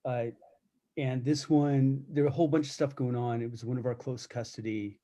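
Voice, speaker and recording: A man's voice: mid-range voice, level tone, normal speed, mellow. A middle-aged man telling candid, profane stories from his years as a corrections officer, in a casual live chat, with many restarts. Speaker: self-defense instructor recounting corrections work.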